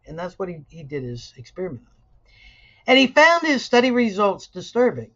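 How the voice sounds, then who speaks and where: A middle-aged woman teaching sociology in a conversational video lecture, weaving personal stories with lively asides. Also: fairly low pitch, brisk, dull audio. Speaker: sociology instructor.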